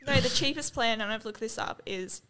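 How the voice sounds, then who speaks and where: A woman's voice: a little high, fairly quick, bright, forceful tone. A woman co-hosting a podcast, chatting casually and stumbling over names. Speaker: podcast co-host. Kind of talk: casual chat.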